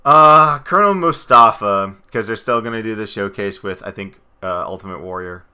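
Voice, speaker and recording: A man co-hosting a casual podcast chat, rambling excitably with frequent asides. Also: fairly low pitch, moderate pace, smooth. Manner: rambling, excitable, slips into goofy impressions. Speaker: podcast co-host.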